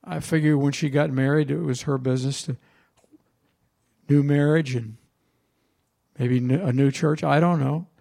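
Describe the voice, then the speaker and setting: Pastor guy preaching, gravelly voice, a bit high for a man, chatty storytelling. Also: fairly even intonation, moderate pace, pauses often, warm tone. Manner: conversational storytelling preacher, asks the congregation questions. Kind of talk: sermon.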